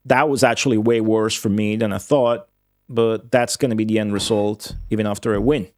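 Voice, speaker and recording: Excitable, foul-mouthed male game streamer. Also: lowish voice, moderate pace. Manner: swearing, excitable, talks to viewers. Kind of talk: casual gameplay commentary.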